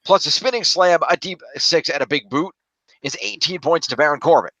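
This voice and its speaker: A man's voice: on the high side, a little fast, sharp tone, no echo. A man co-hosting a casual podcast, reading out scores with a dry, sarcastic manner. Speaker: podcast co-host. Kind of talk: casual chat.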